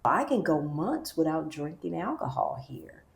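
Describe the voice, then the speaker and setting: Low-voiced chatty American woman vlogging. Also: a little slow, creaky, reverberant. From United States. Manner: animated, chatty, slips into quoted asides. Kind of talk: casual talk to camera.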